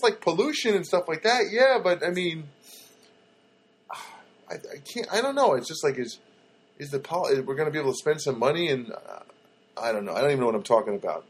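A man's voice: a little high, breathy edge, low-quality recording. A man hosting a rambling comedic monologue, full of fillers and sarcastic asides. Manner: rambling, lots of fillers and self-corrections, sarcastic.

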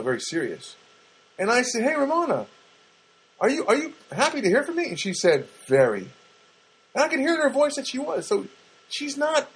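A man's voice: on the high side, slightly rough, poor audio. A man hosting his own podcast, telling a meandering personal story with many restarts, recorded in a studio apartment. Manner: animated, meandering, self-interrupting. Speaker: podcast host. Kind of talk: rambling personal monologue.

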